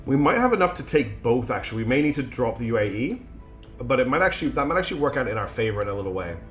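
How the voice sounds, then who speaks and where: A man with a mixed British accent, with traces of Scottish and Australian in it, streams and comments on a strategy game. He thinks aloud in a chatty way and fills pauses with "um". Faint game music plays underneath. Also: mid-range voice, very animated. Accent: mixed British English with Scottish and Australian traces. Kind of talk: live gameplay commentary.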